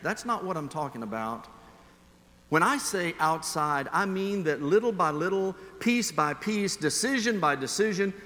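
A male pastor delivers his sermon in a bright, fairly high voice. He moves between slow, weighty phrases and quick, chatty asides as he tells a story from his own life. His words ring out with a long church-hall reverb. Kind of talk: sermon with personal anecdote.

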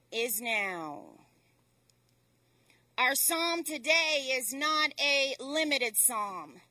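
Slow, bright-voiced woman preaching. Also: sits high, dry recording, distant mic. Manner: deliberate, emphatic delivery with dramatic pauses. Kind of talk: sermon.

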